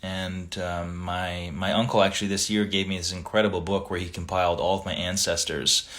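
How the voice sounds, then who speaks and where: A man's voice: sits low, a little fast. Chatty man reading out viewer greetings. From Italian family background. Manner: relaxed, chatty, greets viewers by reading their comments aloud. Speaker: livestream host reading viewer comments. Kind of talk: casual livestream chat.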